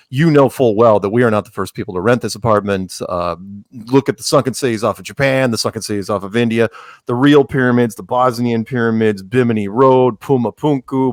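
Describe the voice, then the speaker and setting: A man guest on a casual podcast, telling stories with jokey asides and plenty of restarts. His voice sits at an ordinary middle pitch. The recording is close and dry, with no room sound. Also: no echo. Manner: animated storyteller, jokey asides, frequent restarts.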